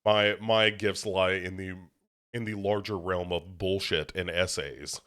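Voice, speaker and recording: A man's voice: low voice, fairly even intonation, unhurried, a bit bright, smooth. A young man co-hosting a podcast, a little congested, chatting casually in a rambling, self-deprecating way with many restarts. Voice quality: slightly congested. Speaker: podcast co-host. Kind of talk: casual chat.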